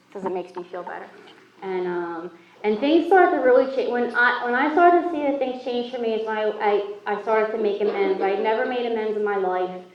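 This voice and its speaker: A woman's voice: medium pitch, a little hiss or hum. A woman speaking at a recovery meeting, telling her own story in a candid, self-mocking way. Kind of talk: personal recovery story talk. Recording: echoey hall, far from mic, muffled.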